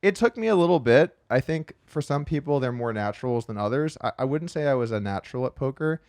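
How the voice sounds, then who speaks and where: A man talks fast and loose on a podcast, tumbling through his anecdotes with restarts and filler. He is miked close in a dry studio with no room sound, and his voice sits at an ordinary middle pitch. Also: animated, darkish tone, no echo. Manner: quick, chatty storyteller with frequent restarts and "like". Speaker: podcast guest, professional poker player. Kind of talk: casual storytelling interview.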